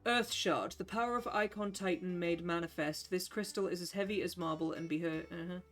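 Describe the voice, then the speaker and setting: A casual streamer talking through a game session at a middle pitch, chatty and loose with swear words. Soft game music plays faintly behind the voice. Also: fairly quick. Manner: chatty, sweary, reads game text aloud. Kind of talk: casual live gameplay chat.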